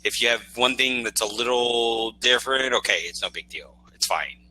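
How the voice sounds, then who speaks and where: A man's voice: medium pitch, moderate pace, pushed and bright. A man from the United States tutoring English in an online lesson, patient and encouraging, often checking that he understood. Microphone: video call.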